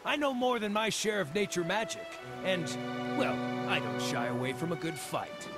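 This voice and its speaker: A man voicing a friendly, easygoing male druid wanderer, reading the game's dialogue aloud in a relaxed, good-humored way over faint game music. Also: high-pitched, normal speed.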